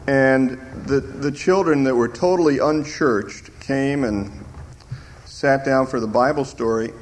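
An older man delivers a sermon at an unhurried pace. He stresses single words and lifts his voice for scripture. His pitch sits in the ordinary middle for a man. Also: a little hiss or hum. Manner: slow, emphatic preaching that rises on scripture quotes. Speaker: pastor.

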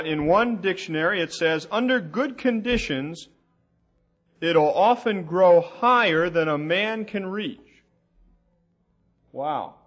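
Slow deliberate male Bible teacher. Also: high voice, a bit bright. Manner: slow, deliberate, asks the audience questions. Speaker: preacher.

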